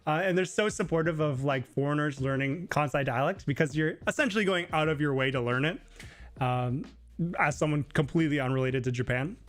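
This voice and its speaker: A man hosts a casual live Q&A stream, talking loosely with lots of fillers and a little fast. Sometimes he mimics other people in a high voice.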